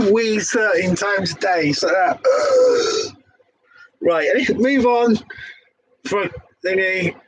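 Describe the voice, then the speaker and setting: A man's voice: sits high, huge pitch swings, very slow, long pauses, low-quality recording. A young man with a Devon accent hosting a casual pub quiz, laughing and swearing as he stumbles over the questions. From England. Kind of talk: casual quiz-reading chat.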